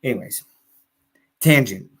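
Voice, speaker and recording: A man's voice: mid-range voice, lively intonation, unhurried, fairly bright tone, husky. A man on a live stream telling a long casual story, full of fillers and restarts, laughing now and then.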